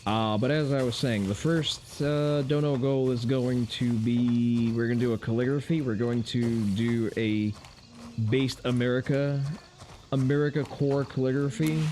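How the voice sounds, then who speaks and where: A man's voice: mid-range voice, steady tone, a little slow, darkish tone, a little hiss or hum. A man giving loose, profane gameplay commentary on a stream, with wry asides to his chat. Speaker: game streamer.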